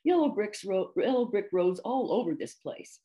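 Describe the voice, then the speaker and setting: A woman's voice: medium pitch, lively intonation, normal speed, warm tone, natural voice. A woman voicing a nasty, sulky old man who is a living crossword puzzle, snarling and disagreeable.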